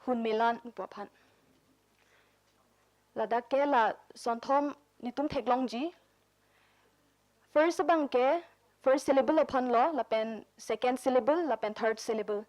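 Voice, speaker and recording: A woman's voice: on the high side, measured pace, pauses often, darkish tone, rough recording. A woman with a Karbi accent giving an academic presentation at a workshop, explaining step by step and mixing technical English terms into her talk. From Northeast India. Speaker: conference presenter. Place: workshop hall.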